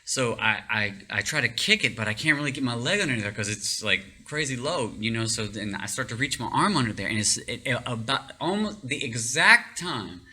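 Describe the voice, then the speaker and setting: An excitable man spins a personal story in a loose, rambling way, full of fillers and restarts. His voice is very bright and sharp-edged, and he often breaks into laughter. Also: mid-range voice, a little fast, few pauses, slightly rough. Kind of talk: casual storytelling.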